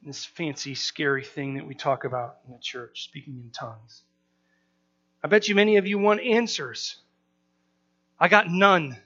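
A man preaching a sermon in a conversational, animated way, acting out the crowd's reactions. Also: a little high, moderate pace, pauses often, muffled recording.

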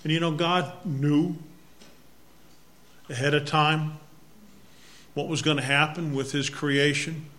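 Massachusetts man preaching slowly, slightly higher voice, conversational with scripture refrains. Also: fairly even intonation, fairly bright tone. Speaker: pastor. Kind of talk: sermon.

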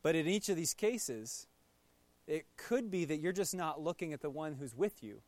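A man with a slightly raised voice gives a relaxed, conversational sermon. He tells the story with playful asides and speaks to his listeners directly. The recording is dry and close. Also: a little high, moderate pace, dry recording. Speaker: pastor.

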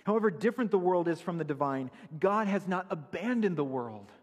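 A man's voice: high voice, animated, fairly quick, slightly rough, long reverb tail. A man preaching a sermon, earnest and emphatic, citing Bible verses as he explains them. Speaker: pastor.

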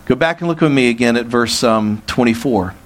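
A man's voice: mid-range voice, fairly quick. A male pastor preaching a sermon in an earnest way, asking rhetorical questions.

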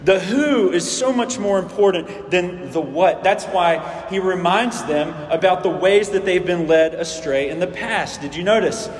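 A pastor delivers a sermon in a relaxed, conversational style, tossing rhetorical questions at his listeners and restarting phrases. His voice is a little high for a man, and he speaks a little slowly with few pauses. The church hall gives the sound a roomy, long reverb tail.

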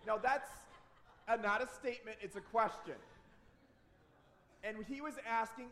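Male pastor, 30s, high-pitched, conversational and lively sermon delivery. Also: brisk. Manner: conversational, animated, repeats words for emphasis.

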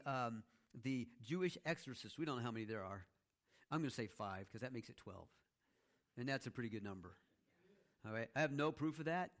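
Man preaching a chatty, animated sermon. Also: mid-range voice, a little fast. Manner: conversational teaching with frequent "okay?" check-ins; animated storytelling with playful asides. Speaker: pastor.

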